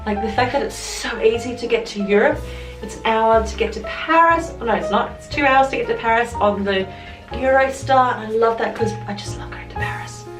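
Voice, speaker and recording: A fairly high-pitched Australian woman talks a little fast as she vlogs casually to camera, rambling and correcting herself. The recording carries roomy echo from a distant mic, with music playing underneath.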